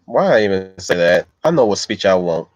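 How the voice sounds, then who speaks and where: A man with a fairly low voice hosts a casual livestream and thinks aloud as he responds to his chat. He wanders from point to point in a loose, unscripted way. The sound is dry and a little dull, like a basic home mic. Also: sing-song, a little fast, no room sound. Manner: loose, meandering, thinks aloud while answering viewers. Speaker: livestream host reading chat.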